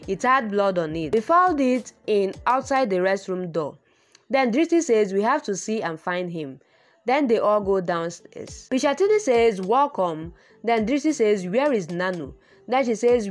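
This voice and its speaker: Woman recapping a drama, lively pitch. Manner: chains events with "then she says", quoting each character flatly. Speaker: narrator retelling a TV serial's episode. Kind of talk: casual plot recap read aloud.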